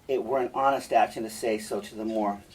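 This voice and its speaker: A man reading as Montano, an honorable governor speaking in an earnest, measured way. The voice sits back from the microphone. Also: fairly low pitch, steady tone, darkish tone, slightly rough, recorded from a distance, low-quality recording.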